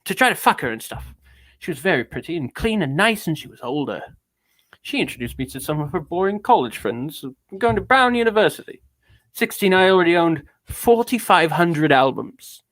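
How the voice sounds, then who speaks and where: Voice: medium pitch, sing-song, normal speed, a bit bright, dry recording. A streamer putting on an affected British accent to read out an anguished man's confession with theatrical grandeur. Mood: brooding. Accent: put-on British. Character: grandiose anguished man reading his own confession. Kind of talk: dramatic reading of a text.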